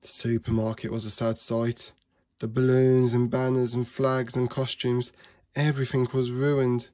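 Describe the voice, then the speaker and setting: A man, a teacher, reading a children's storybook aloud in a clear, expressive way. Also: medium pitch, measured pace.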